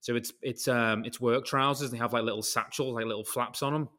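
A man's voice: mid-range voice, fairly even intonation, brisk, pushed and bright. A man with a British accent, hosting a casual podcast chat and telling a long, rambling story full of tangents and casual swearing. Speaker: podcast host.

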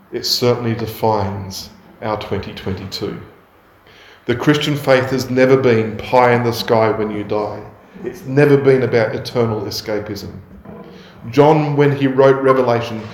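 A man preaching a sermon in a measured way, building on emphatic repetition. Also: medium pitch, darkish tone, roomy sound.

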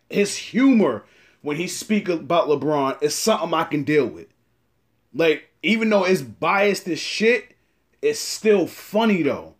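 A man hosting a casual sports talk show, animated and slangy, hyping up his co-host. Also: a little high. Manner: animated, slangy, hyped-up delivery.

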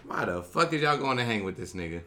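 A man's voice: lowish voice, sing-song, fast talker, sharp tone. A man co-hosting a casual chat, profane, rambling and argumentative. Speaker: podcast co-host.

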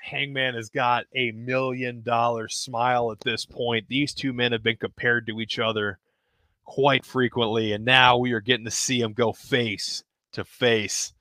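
A man hosting a podcast, narrating wrestling action in excited, casual play-by-play. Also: mid-range voice, a little slow, no echo. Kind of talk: play-by-play storytelling.

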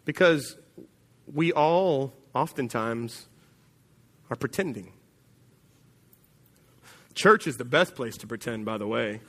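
A pastor preaching a sermon in a church, telling a story conversationally and dropping to a quiet voice for emphasis. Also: male voice, medium pitch, lively intonation, slow, pauses often, in a large hall.

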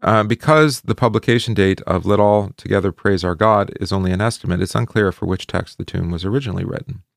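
A man's voice: deep voice, fast talker, gravelly, hardly any pauses, dry recording, studio quality. A middle-aged man giving a casual hymn study talk, conversational, with many fillers and asides. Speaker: hymn teacher.

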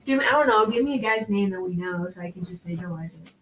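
Young woman, casual chat, laid-back, teasing, role-plays dialogue, mid pitch. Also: quick pace, fairly bright tone, slight background noise, poor audio. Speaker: friend chatting.

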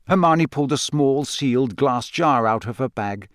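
Male audiobook narrator, steady and measured, middle pitch, dead-dry close sound. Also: no echo. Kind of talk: scripted narration.

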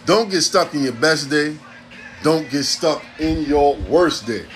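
A man's voice: a little high, measured pace, soft background music. A man, hosting a podcast in a blunt, profane, streetwise ranting monologue. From New York City. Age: 40s. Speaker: podcast host.

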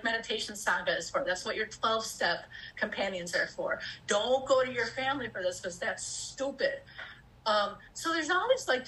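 Woman, 50s, candid personal storytelling, expressive, swears casually, acts out inner voices, slightly high voice. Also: low-quality recording. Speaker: speaker sharing personal experience.

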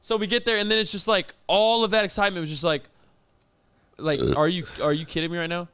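A man co-hosting a casual chat, telling a story with animated, incredulous outrage. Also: high voice, quick pace, clean tone. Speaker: podcast co-host.

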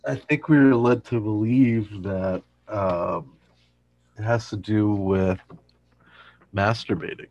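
A man's voice: on the low side, takes it slowly, dry recording, muffled recording. A man casually retelling a sitcom episode, acting out the characters' lines as he goes. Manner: animated retelling, acts out quoted lines. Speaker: podcast co-host recapping an episode.

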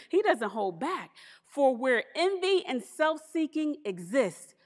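Woman preaching in a big echoey church, high voice, funny and punchy. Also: slow pace. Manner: lively, humorous preaching with emphatic asides. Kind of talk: sermon.

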